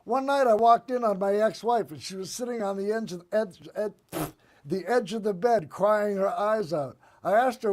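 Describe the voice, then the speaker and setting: A man hosting a political comedy show, delivering one-liners and sarcastic commentary in a deadpan monologue. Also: high-pitched, normal speed. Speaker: host.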